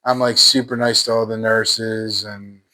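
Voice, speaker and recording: A man's voice: lowish voice, flat delivery, measured pace, pushed and bright. A man telling his personal faith testimony in a fervent, emphatic way, repeating phrases in casual everyday speech.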